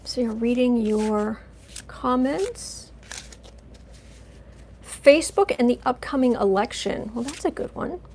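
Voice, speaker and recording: Woman, higher voice with gravel, rambling live-stream tarot host, casual chat. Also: slow, long pauses, slight background noise. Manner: chatty, rambling, coos softly to her cat. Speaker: tarot reader, channel host.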